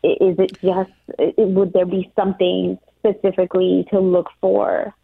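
Gravelly-voiced woman calling in on a tinny phone line. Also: fairly low pitch, flat delivery, normal speed, dry recording. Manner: hesitant, grateful. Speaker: caller. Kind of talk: phone call to a radio show.

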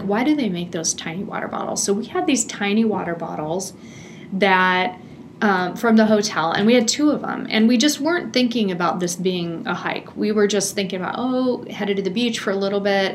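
A middle-aged woman telling a personal family story in a chatty, animated way, laughing often. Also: medium pitch, a little hiss or hum. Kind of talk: casual storytelling.

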